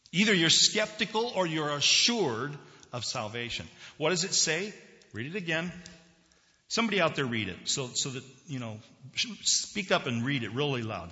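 A man's voice: on the high side, sing-song, normal speed, pushed and bright. A man preaching a sermon to his congregation in a conversational way, asking them questions as he goes. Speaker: pastor. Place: church sanctuary. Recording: dull lo-fi recording in a reverberant hall.

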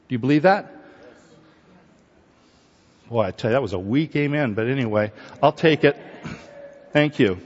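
A man preaching a sermon in a church, lively and conversational, who teases and prods his congregation as he goes. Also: medium pitch, slightly rough. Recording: echoey hall, dull sound.

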